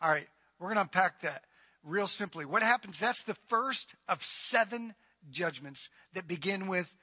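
A man's voice: sits high, animated, normal speed, sharp tone, slightly rough. A man preaching a sermon as pastor, retelling scripture in plain conversational talk. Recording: long hall reverb.

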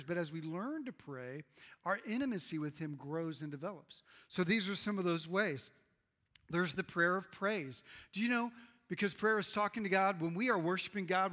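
A middle-aged male pastor preaching a sermon in a church, swinging from loud emphasis to hushed tones. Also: sits high. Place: church sanctuary. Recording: reverberant hall.

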